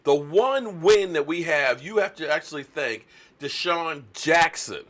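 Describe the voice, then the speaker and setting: A man's voice: on the high side, lively intonation, measured pace, a bit bright. A man hosting a casual sports talk video, ranting indignantly and rambling with restarts.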